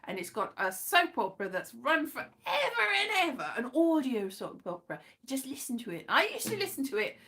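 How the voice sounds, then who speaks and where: Chatty, lively British woman streaming. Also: high voice, fairly quick, few pauses. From Britain. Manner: rambling, self-mocking, bursts into sung phrases. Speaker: comedian streamer. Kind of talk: casual live-stream chat.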